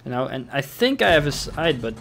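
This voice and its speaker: A man's voice: medium pitch, big pitch swings, a little fast, gravelly, a bit bright. A young man casually commenting over his own tank game replay, thinking aloud with fillers and restarts. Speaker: gameplay commentator.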